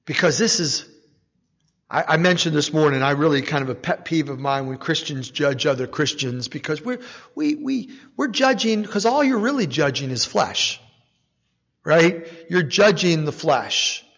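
A man's voice: on the high side, lively intonation, moderate pace, a bit bright. A man preaching a conversational sermon who keeps checking in with the congregation by asking "right?" and chuckles now and then. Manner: asks the congregation "right?" again and again, with a light chuckle. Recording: dull, reverberant recording in a big hall.

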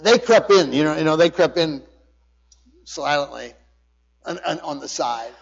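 A male pastor preaches a sermon in a slightly high, expressive, creaky voice at a measured pace, emphatic and often restarting his words as he does word study on a passage. The recording sounds dull, with long hall reverb.

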